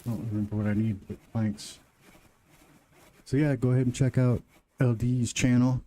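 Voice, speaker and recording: With a mellow, steady, medium-pitched voice at a moderate pace, a Midwestern livestream host chats with viewers while gaming. His Midwestern twang comes through as he rambles between moves.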